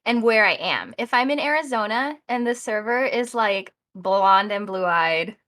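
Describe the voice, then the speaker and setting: A woman's voice: medium pitch, expressive, measured pace, fairly bright tone. A woman game show contestant who answers breezily, filling her speech with "like". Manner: breezy, uses "like" often. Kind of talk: casual answers.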